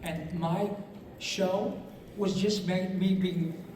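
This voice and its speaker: A man on a convention panel speaking emphatically to a live audience, animated and swinging between loud and soft. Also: high voice, takes it slowly. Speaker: voice actor and podcast host on a convention panel. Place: large convention hall. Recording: very echoey hall from far off with noise.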